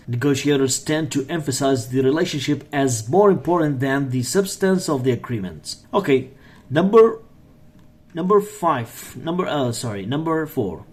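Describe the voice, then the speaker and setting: Husky guy teaching english vocab, reads then repeats each word real slow, arabic first language. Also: mid-range voice, a little mellow. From Iraq. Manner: repeats words and phrases slowly, adds example sentences. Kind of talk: slow vocabulary lesson, reading and repeating words.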